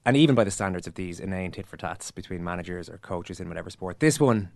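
A man's voice: deep voice, animated, fast, creaky, no room sound. An Irish man hosting a sports podcast in casual chat, wry and often laughing. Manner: wry, laughing, mock-dramatic delivery. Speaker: podcast host.

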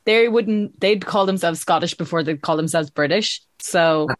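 A man's voice: high-pitched, normal speed, dry recording, studio quality. An Irish man hosting a podcast, explaining things in an easygoing, casual way. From Ireland. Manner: easygoing, explanatory, laughs readily.

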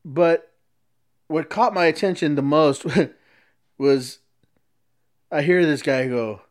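A man's voice: a little high, takes it slowly, pauses often. A man casually telling a long story, often restarting sentences as he explains.

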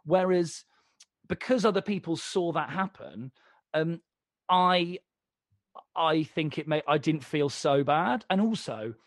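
Guesting on a podcast, this young comedian and presenter tells casual stories slowly in a slightly high voice, swearing plenty and performing both sides of each exchange with animation. The studio-quality recording has no room sound.

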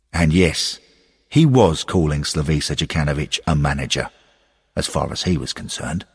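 A man narrating a story in a measured, expressive way. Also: sits low, slightly rough, in a large hall. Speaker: audiobook reader.

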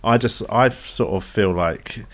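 Chatty comedian guest. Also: male voice, on the low side, measured pace. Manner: chatty, rambling storyteller. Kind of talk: casual podcast chat.

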